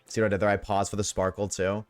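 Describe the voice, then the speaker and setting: A man's voice: on the low side, completely flat delivery, quick pace, faint music behind. A man streaming a game, ranting bluntly to his live chat and swearing freely. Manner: chats with viewers while playing. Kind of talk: casual rant to live chat.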